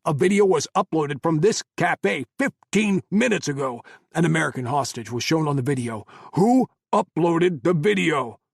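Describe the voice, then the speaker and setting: A man's voice: fairly high pitch, quick pace, vocal fry, few pauses, slightly rough, no echo, studio quality, pitched above the performer's own voice. A man voicing an angry special forces team leader who barks orders and questions. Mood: interrogating. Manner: barking orders, shouting.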